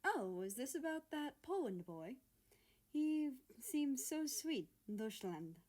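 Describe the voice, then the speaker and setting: A woman's voice: high-pitched, sing-song, slow, a little mellow, pitched above the performer's own voice, full character voice. A woman voicing a fussy, doting middle-aged father who teases and frets over his grown son, in a fan fiction reading. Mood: fussing. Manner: doting, fretful, teasing.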